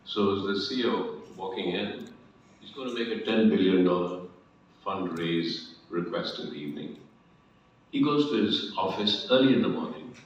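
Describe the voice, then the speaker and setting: A man's voice: low voice, expressive, normal speed, slight background noise. Man telling a story in an echoey hall. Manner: storytelling, mixing Hindi phrases. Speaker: panelist. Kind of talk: conference panel talk with anecdote. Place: large hall. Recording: echoey hall, distant dull mic.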